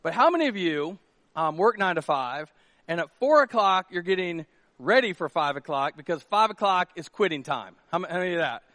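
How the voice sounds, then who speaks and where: Male pastor, high voice, lively storytelling sermon, dry close mic. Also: fairly quick, no echo. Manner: animated storytelling, shouts quoted lines.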